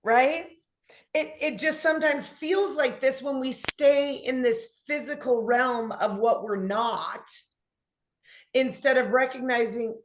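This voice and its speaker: A woman hosting an encouraging group talk, emphatic and fond of repeating herself. Her voice sits a little high and sounds roomy, with echo around it. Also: slow. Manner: emphatic, repeats phrases, addresses group as guys. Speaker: host.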